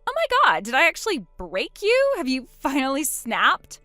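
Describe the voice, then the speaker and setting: Woman playing a spiteful bragging sister, smug and mocking, high lively voice, dry recording, faint music. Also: normal speed, no room sound, exaggerated voice. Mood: gloating. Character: boastful, spiteful young woman taunting her sister. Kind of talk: text-story voice acting.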